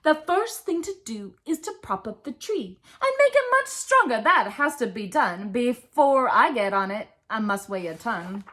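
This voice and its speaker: Woman voicing a gentle faithful elephant. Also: a little high, big pitch swings, measured pace, few pauses, pitched below the performer's own voice, heavily acted. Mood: earnest. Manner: rhythmic rap-style delivery. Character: kind faithful male elephant, big and patient.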